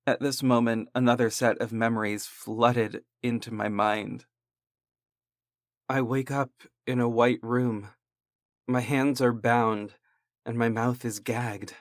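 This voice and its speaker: A man narrating a horror story in a slow, deliberate, dramatic way. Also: mid-range voice, steady tone, no room sound, studio quality.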